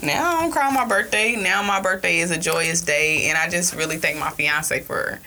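Bright-voiced woman telling a laughing story. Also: fairly low pitch, normal speed, a little hiss or hum. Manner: animated storytelling, laughs often, profane. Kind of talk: casual chat.

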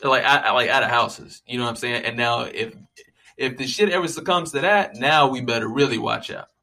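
A man's voice: mid-range voice, fairly quick, vocal fry. A young man, casually rambling and joking with lots of profanity. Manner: profane, joking, animated storytelling.

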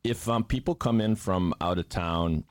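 A man's voice: sits low, moderate pace, clean tone, no room sound, clean studio sound. A man hosting a casual interview, joking and teasing his guest, with a faint Boston accent. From Boston area, USA. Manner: joking, teasing, rambling with restarts. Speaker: podcast host.

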